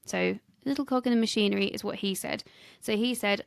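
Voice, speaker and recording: A British woman co-hosts a history podcast, chatting casually, giggling, and reading some scripted lines. She speaks fairly quickly at a medium pitch with vocal fry, on a dry recording.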